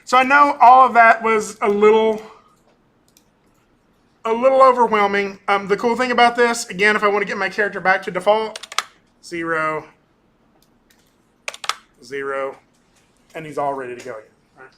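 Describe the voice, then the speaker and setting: A male animation instructor lecturing casually through a software demo, often ending points with "right?" and pausing on "um". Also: high-pitched, slight background noise. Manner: casual, talkative, keeps tagging on "right?"; frequent ums and restarts. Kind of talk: recorded class lecture with screen demo.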